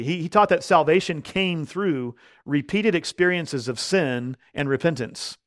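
Male preacher, slightly high voice, emphatic sermon delivery, punches key words. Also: fairly bright tone. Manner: slows down when quoting scripture. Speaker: pastor.

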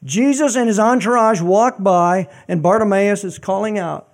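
A man with a fairly high voice delivers a sermon. He talks conversationally, slipping in jokes and asides as he retells the story. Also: normal speed, hardly any pauses. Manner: joking, conversational preaching with asides. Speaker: pastor.

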